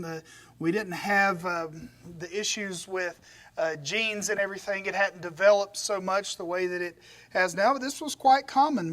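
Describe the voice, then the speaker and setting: A man's voice: sits high, a bit bright. A man preaching a conversational sermon, retelling a story with animation and folksy humorous asides. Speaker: pastor.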